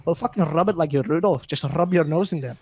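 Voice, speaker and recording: A man's voice: fairly high pitch, quick pace, a little mellow, slight background noise, lightly acted. A man doing a crude, pushy Santa. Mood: coaxing. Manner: swears constantly, coaxing.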